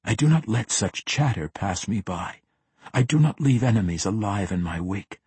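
A man voicing a cold, menacing assassin in a fantasy audiobook, speaking in a calm, measured, threatening way. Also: fairly low pitch, slightly rough, no echo. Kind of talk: audiobook character voice.

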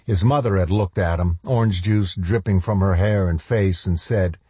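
Deep, husky male audiobook narrator. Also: normal speed, hardly any pauses, mellow, dry recording. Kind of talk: scripted narration of a novel.

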